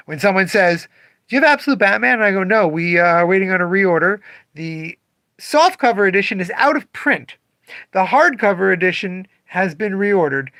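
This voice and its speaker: On a livestream, a man who owns a comic shop talks briskly and casually, animatedly impersonating customers. His voice is high with vocal fry, recorded dry.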